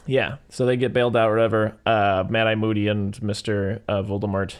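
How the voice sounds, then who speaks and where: Male co-host, quick rambling recap, jumps into squeaky impressions of characters. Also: little pitch movement, clean tone. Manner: rambling, acts out quotes in high silly voices. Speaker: podcast co-host. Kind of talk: casual film recap chat.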